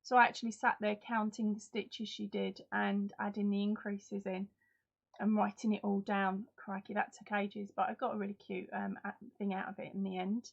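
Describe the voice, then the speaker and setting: A woman's voice: medium pitch, level tone, normal speed, vocal fry, muffled recording. A woman hosting a live crafting stream in casual chat, reading out and answering viewers' comments. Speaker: host.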